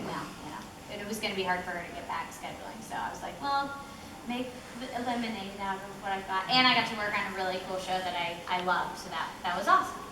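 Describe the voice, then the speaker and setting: A young woman from Texas answering questions at a convention panel, chatty and animated, with lots of fillers. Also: on the low side, far from the mic, background noise. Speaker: voice actress panel guest. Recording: echoey hall with faint ambience.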